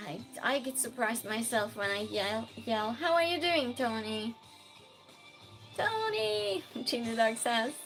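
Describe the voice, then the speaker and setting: A woman hosting a live stream, chatting casually, reading viewer comments aloud and calling out loud greetings to regulars. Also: high voice. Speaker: livestream host.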